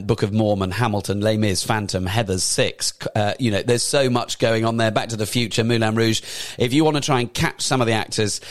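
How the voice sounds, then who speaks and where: A man with a somewhat low voice talks through a roundup of shows in a loose, chatty way. He is enthusiastic and rambling, often stopping to correct himself or throw in an aside. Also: no room sound, clean studio sound. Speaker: theatre news presenter. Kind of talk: casual chatty show roundup.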